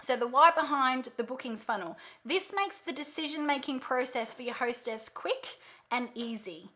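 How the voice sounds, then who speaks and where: A woman with a high, bright voice leads a live training webinar. She explains each step emphatically and acts out sample questions. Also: lively intonation, moderate pace. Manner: emphatic, upbeat teaching with demonstrated questions. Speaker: sales trainer hosting a webinar.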